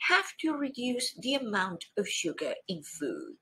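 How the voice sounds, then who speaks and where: A middle-aged woman teaching an English exam-prep lesson, expressive and playful with animated exclamations. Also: mid-range voice, a little slow, few pauses, breathy edge, rough recording. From Spain.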